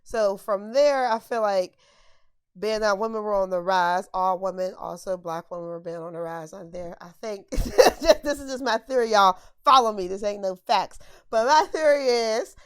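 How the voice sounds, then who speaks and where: A woman's voice: mid-range voice, normal speed, clean tone, no echo, studio quality. A young woman co-hosting a podcast, chatting casually in slang, laughing often as she talks. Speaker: podcast co-host. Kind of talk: casual chat.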